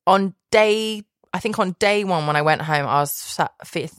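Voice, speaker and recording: A woman's voice: fairly low pitch, moderate pace, no echo, studio quality. A woman guest telling a long rambling story in casual chat, laughing often and correcting herself. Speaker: podcast guest, private chef.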